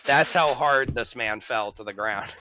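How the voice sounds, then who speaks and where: A man's voice: medium pitch, measured pace, highs cut off, background noise. A man co-hosting a podcast, telling rambling, profane stories in casual chat and laughing as he goes. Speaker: podcast co-host. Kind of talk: casual storytelling.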